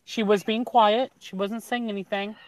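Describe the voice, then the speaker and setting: A man on a casual livestream hangout, talking in a rambling, animated way with lots of restarts. His voice sits on the high side for a man. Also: normal speed, no echo. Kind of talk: casual chat.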